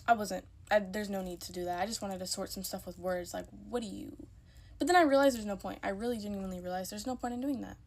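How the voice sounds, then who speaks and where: A woman's voice: mid-range voice, fast talker, darkish tone, slight background noise. A young woman telling a story in a casual, emphatic way, repeating herself when worked up.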